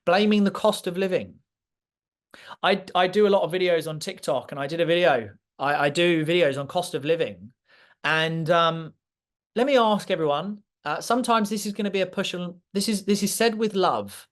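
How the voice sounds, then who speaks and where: A man with a slightly raised pitch delivers a motivational talk to a live audience. He speaks clearly and with authority, direct and emphatic, pressing his points with passion. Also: animated, normal speed. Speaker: guest speaker.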